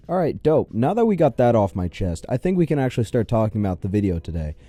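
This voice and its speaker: A man's voice: on the low side, big pitch swings, fast, few pauses, warm tone, no echo. A young man hosting a reaction commentary video, sarcastic, profane and incredulous.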